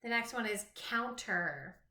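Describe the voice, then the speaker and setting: A woman teaching a phonics lesson to young children, slowly sounding out rhymes, letters and words. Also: fairly high pitch, lively intonation, bright, forceful tone. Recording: echoey room.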